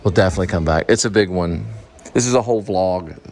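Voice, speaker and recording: A man's voice: sits low, quick pace, darkish tone, a little hiss or hum. A man vlogging casually as he walks through a shopping mall, rambling and thinking aloud. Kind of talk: casual walking vlog.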